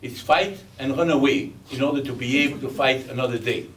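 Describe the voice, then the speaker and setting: A man in his eighties with a Belgian accent, giving a speech with humor as a chuckling, animated storyteller. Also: medium pitch, a little fast. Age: 80s. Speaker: guest speaker. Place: museum event hall. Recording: distant mic with faint background noise.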